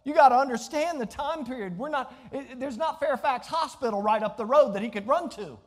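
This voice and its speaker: A man's voice: very high voice, fairly quick. A man preaching a sermon as pastor, calling out questions to the congregation. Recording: long hall reverb.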